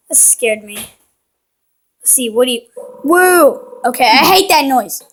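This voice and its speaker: A woman's voice: sits high, lively intonation, takes it slowly, long pauses, faint music behind. A woman commenting casually while playing a video game, playful and cheeky, teasing the characters on screen. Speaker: gaming channel host. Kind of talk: casual let's-play commentary.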